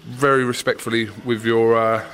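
A man's voice: medium pitch, flat delivery, moderate pace, fairly bright tone, a little hiss or hum. A man with an Essex accent hosting a casual sports podcast interview, chatty and swearing freely, asking long rambling questions.

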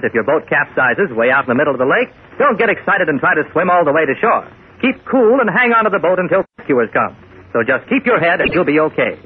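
A man's voice: on the high side, slightly rough. A man giving upbeat, instructive safety tips as a 1940s radio announcer. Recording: tinny old radio recording with faint hiss.

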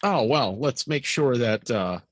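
Middle-aged guy cohosting a podcast, swoopy lively voice, crude jokes, dry close sound. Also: unhurried, dry recording. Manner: animated, crude, bursts into high shrieking impressions. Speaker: co-host. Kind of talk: casual podcast banter.

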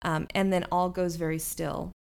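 A woman's voice: fairly low pitch, level tone, normal speed, gravelly. A woman narrating a tabletop game as game master, describing scenes unhurriedly with fillers.

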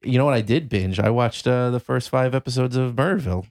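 A man's voice: medium pitch, fast talker, darkish tone. A young man co-hosting a podcast with brief, agreeable replies in casual chat. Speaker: podcast co-host.

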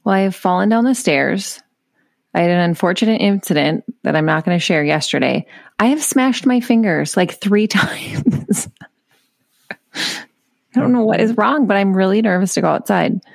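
A woman's voice: mid-range voice, expressive, normal speed, gravelly, no room sound, clean studio sound. A woman co-hosting a casual podcast chat, teasing and joking. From Minnesota. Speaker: podcast co-host.

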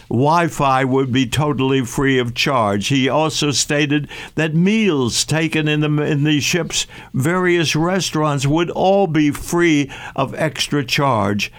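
An older man hosting a radio travel show, talking at length with frequent restarts and fillers. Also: fairly high pitch. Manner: halting, many restarts and fillers. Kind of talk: radio talk show discussion.

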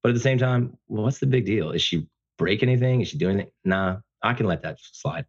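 A man talking casually as a podcast guest, speaking loudly and passionately with animated storytelling. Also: fairly quick, husky, highs cut off. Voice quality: loud booming voice. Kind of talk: casual conversation.

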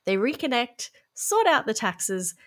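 A woman podcast host reading a smooth, prepared film summary and then asking her guest questions. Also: a little high, very animated, unhurried. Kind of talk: film recap then interview.

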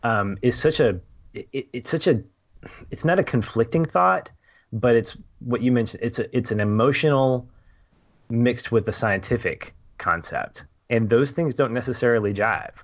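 A man's voice: mid-range voice, normal speed, muffled recording. A man chatting casually about a film, thinking aloud and acting out little quoted asides.

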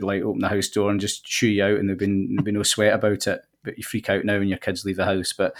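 A Scottish man in his forties talks in a low, even voice that barely rises or falls. He tells his stories in a relaxed, nostalgic way with easy fillers, like a podcast guest. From southwest Scotland. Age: 40s. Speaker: golf links manager guest. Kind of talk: casual podcast chat.

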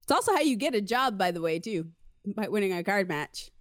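A woman's voice: mid-range voice, expressive, a little fast, dry recording. Young woman co-host, casual rambling chat, lots of fillers, dry close recording. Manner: rambling, many fillers, laughs often. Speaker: podcast co-host.

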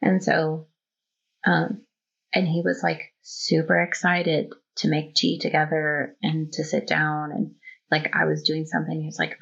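A woman in her thirties or forties, a guest on a casual podcast, telling stories openly with plenty of fillers. Her voice is low and husky, with a gravelly fry. The sound is dull and lo-fi. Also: level tone, moderate pace, a bit bright. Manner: open, storytelling, full of fillers. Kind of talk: casual conversation. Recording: dull lo-fi audio.

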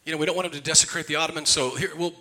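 A man's voice: on the high side, very fast. A man preaching, telling a funny family story in a loose, conversational way. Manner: conversational, jokey, animated. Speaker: pastor. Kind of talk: humorous sermon storytelling. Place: church sanctuary.

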